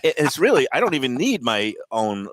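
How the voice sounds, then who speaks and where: A man who is a food critic, joking and animated while tasting dishes on a casual restaurant segment. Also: medium pitch, a little fast, dry recording. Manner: playful, jokey, animated.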